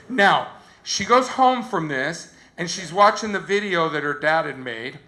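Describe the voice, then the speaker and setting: A man giving an animated storytelling talk to teenagers, quoting other people in a softer voice. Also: fairly high pitch, normal speed. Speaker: youth speaker.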